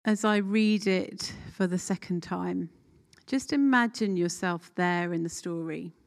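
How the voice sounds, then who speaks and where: A woman leading a guided scripture meditation, reading a passage aloud and calmly inviting listeners to pause and reflect. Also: on the low side. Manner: calm, unhurried, gently instructive with pauses.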